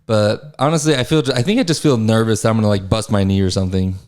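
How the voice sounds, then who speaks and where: A young adult man hosts a podcast, telling stories in casual chat while swearing freely and laughing as he talks. His voice is fairly low, a little mellow, and fast.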